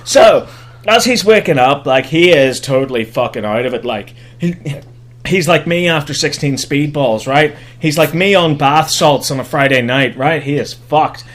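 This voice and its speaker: A man's voice: fairly high pitch, lively intonation, normal speed, a bit bright. A young man hosting a podcast, giving a sarcastic, profane comedic recap of a film and slipping into mock voices for the characters. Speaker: podcast host.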